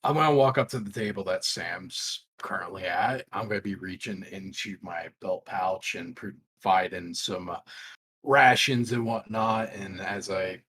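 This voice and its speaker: A man's voice: sits low, a little slow, fairly bright tone, breathy edge. A man playing in a tabletop game, plainly describing what his character does. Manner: plain, decisive, describes actions. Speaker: player. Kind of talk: tabletop role-play.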